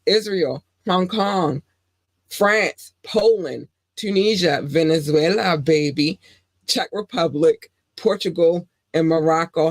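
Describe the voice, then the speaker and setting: A woman in her forties hosting a podcast, chatting casually and showering her listeners with affectionate shout-outs. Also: low-pitched, measured pace, no room sound. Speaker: podcast host.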